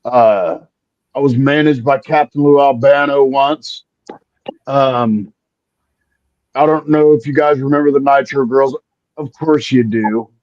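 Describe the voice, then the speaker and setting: A man, a guest on a chat show, telling lively stories from his wrestling career. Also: mid-range voice, unhurried, pauses often, no echo, muffled recording. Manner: animated anecdotes, acts out quotes. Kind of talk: casual storytelling.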